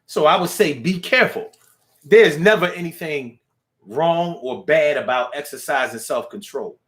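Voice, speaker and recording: A male talk show host with a slightly high voice, speaking in relaxed full of slang. He chats loosely to his listeners and riffs playfully, even half-singing the call-in number. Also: moderate pace. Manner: loose, street slang, sings the phone number.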